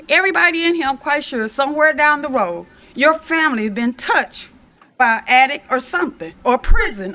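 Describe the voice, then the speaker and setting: A middle-aged woman from Michigan stands at the podium of a city commission meeting and makes her case with passion, hammering her points by repeating them. Her voice sits high and rings bright and forceful. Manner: impassioned, repeats phrases for emphasis. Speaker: resident giving public comment. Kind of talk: public comment speech.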